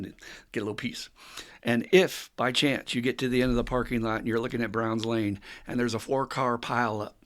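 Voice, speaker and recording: Gravelly-voiced man, lively recovery talk. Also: medium pitch. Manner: animated storytelling with acted quotes and frequent laughs. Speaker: recovery counselor and podcast host. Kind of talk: casual teaching talk.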